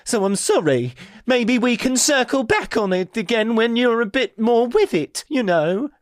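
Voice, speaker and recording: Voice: mid-range voice, big pitch swings, a little slow, no echo, studio quality. A player voicing a polite, overly chatty man who overwhelms people with questions and keeps apologizing. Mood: apologetic. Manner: apologetic, rambling, fussy.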